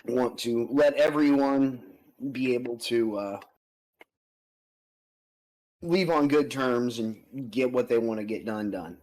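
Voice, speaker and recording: A man's voice: medium pitch, slow pace, pauses often, darkish tone, rough recording. Easygoing man running a tabletop game. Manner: easygoing, chatty, laughs often. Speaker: game master.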